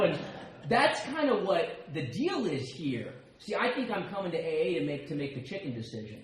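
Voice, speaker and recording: An American man giving a personal share at a recovery meeting, telling stories with quick asides and self-mocking humor. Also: a little high, expressive, a little hiss or hum. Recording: very echoey room with faint ambience.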